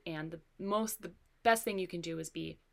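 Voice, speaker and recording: A woman's voice: on the low side, normal speed, vocal fry. A woman co-hosting a parenting podcast, telling stories in an earnest, reflective way. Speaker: podcast co-host. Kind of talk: casual conversation.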